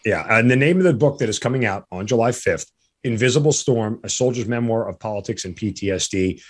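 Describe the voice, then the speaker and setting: Middle-aged guy hosting a podcast, emotional, lots of ums and restarts. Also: fairly low pitch. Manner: halting, emotional, many fillers and restarts. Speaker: podcast host. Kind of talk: casual interview chat.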